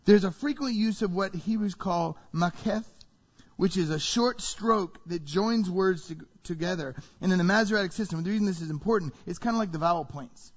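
A high-voiced man preaches to his congregation, quizzing them with rhetorical questions. His voice rings with a long hall reverb. The sound is a bit dull. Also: moderate pace. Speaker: pastor. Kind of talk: sermon.

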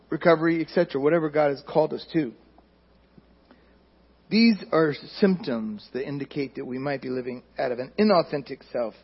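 A man's voice: a little high, slightly rough, lo-fi sound. A man preaching a sermon in a conversational way, putting questions to his congregation. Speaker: pastor.

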